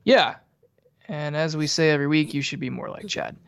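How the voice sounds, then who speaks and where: Higher-voiced man, casual podcast co-host. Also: moderate pace, vocal fry, dry recording, studio quality. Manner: chatty, reads out show info.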